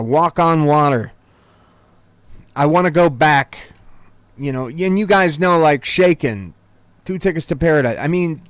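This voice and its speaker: A man in his forties hosts his own vinyl record channel, chatting to the camera in a loose, rambling way full of asides. His voice sits a little on the high side. The sound is dry and close, with no room echo. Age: 40s. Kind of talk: casual talk to camera.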